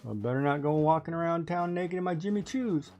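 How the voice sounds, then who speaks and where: A woman's voice: lowish voice, brisk, a little mellow. Chatty woman telling stories while streaming. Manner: chatty storytelling, laughing often. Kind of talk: casual chat while playing a game.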